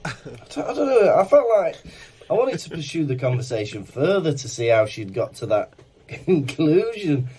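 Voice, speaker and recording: Animated man telling a funny story. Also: a little high, normal speed, breathy edge. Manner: animated anecdote-telling with laughs and acted quotes. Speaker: podcast co-host. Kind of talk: casual chat, storytelling.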